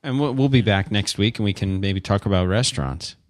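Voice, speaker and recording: Chill low-voiced guy cohosting a podcast, dry sound. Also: fairly quick, no echo. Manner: easygoing, brief replies. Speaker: podcast co-host. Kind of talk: casual chat.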